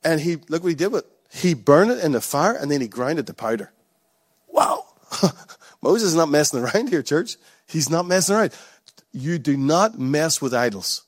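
A man's voice: on the high side, expressive, normal speed, no echo, clean studio sound. A man preaching a sermon to his church with emphatic, repeated rallying calls. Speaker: pastor.

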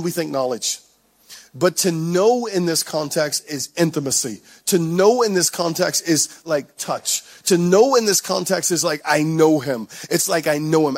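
An Irish man preaching to his church in a slightly higher voice, stacking phrase on phrase as he builds his point. He drops into light, joking asides between the heavier lines. The recording is close and dry, with no room sound around him. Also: no echo. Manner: repetitive, building emphasis with playful asides. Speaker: pastor. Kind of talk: sermon.

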